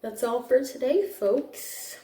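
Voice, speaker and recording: A woman's voice: on the high side, expressive, slow pace, mellow. A young woman who teaches computer classes, chatting casually and gushing with frequent restarts. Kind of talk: casual vlog chat. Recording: echoey room, voice from a distance.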